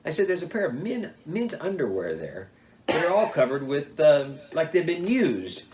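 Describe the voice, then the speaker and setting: An older man telling old hunting stories in a lively way, jumping up in pitch when he acts out what people said. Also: moderate pace. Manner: animated, acts out quotes with big pitch jumps. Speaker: storyteller.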